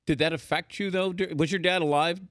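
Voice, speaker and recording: A man's voice: fairly high pitch, steady tone, brisk, no echo, clean studio sound. A man hosting a radio talk show, asking teasing, joking questions of his guest. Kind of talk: casual radio interview.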